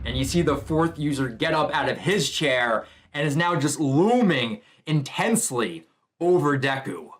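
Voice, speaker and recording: A man's voice: on the high side, very animated, a little slow, slight background noise. Man chatting through a comic chapter. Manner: casual, chatty, narrates panels. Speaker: manga reaction YouTuber. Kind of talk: casual commentary, reading a comic aloud.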